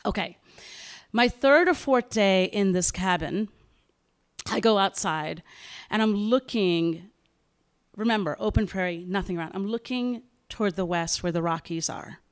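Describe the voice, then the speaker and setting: A woman novelist tells a story at a live writers' event, animated and dramatic, acting out bits of dialogue. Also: medium pitch, unhurried, smooth.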